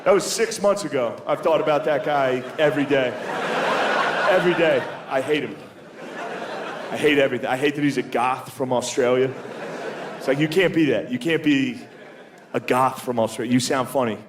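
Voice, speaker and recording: Guy in his 30s doing standup, swears a ton, rags on himself, handheld mic, crowd laughing loud behind him. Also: mid-range voice, normal speed, pauses often, very noisy. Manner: casual, swearing, self-deprecating, drops into silly voices. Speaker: stand-up comedian. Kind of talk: stand-up routine. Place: comedy club stage. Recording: live club recording, loud audience laughter. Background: audience laughter.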